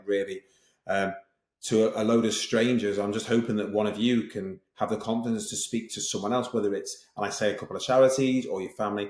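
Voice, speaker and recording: A middle-aged man telling his story as a podcast guest, fast and lively, acting out other people's lines as he goes. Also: fairly low pitch, echoey room. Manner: fast, animated, tells stories with quoted voices. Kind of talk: casual interview storytelling.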